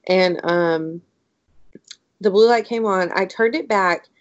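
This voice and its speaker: A woman co-hosting a podcast, telling a story in a casual, animated way and saying "like" a lot. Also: mid-range voice, takes it slowly, dry recording. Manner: animated, excitable storyteller, heavy use of "like". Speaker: podcast co-host. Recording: dry, dull lo-fi audio.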